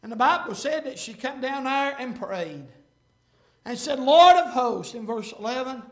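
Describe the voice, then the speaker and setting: High-voiced impassioned preacher in echoey church. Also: male voice, expressive, moderate pace. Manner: impassioned, swells to shouting, frequent uh fillers. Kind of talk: sermon with scripture reading. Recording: echoey room.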